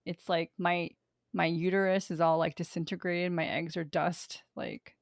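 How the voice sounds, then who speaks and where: A woman's voice: fairly low pitch, level tone, normal speed, creaky, no echo, clean studio sound. A middle-aged woman co-hosting a casual podcast chat, wry and self-mocking. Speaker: podcast co-host.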